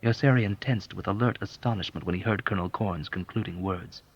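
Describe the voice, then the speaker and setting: A man narrating an unabridged audiobook in a measured, expressive storytelling manner. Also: low-pitched, slightly rough, dry recording. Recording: dull, dry lo-fi audiobook.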